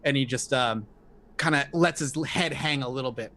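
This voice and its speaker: A man runs a horror tabletop session as game master, narrating scenes in detail. His voice sits in a middle pitch. He pauses often with fillers while he describes each scene. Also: sharp tone.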